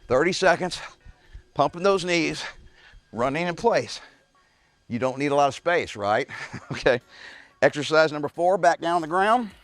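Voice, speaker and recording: A man's voice: a little high, vocal fry, dry recording. A man coaching a home workout, talking straight to his viewers and sometimes out of breath. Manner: energetic, talks straight to viewers as "guys". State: out of breath at times. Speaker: fitness coach.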